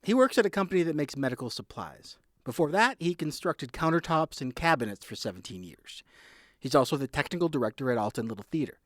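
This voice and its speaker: A man reporting a scripted radio news feature in a lively, measured delivery. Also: on the high side, dry recording, clean studio sound.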